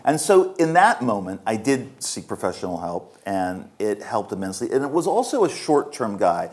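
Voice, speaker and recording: Brief: man in his fifties, low voice, candid self-mocking festival Q&A storyteller. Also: very animated, moderate pace, darkish tone. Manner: frank, self-mocking, laughs while telling stories. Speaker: author answering audience questions. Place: festival stage before an audience.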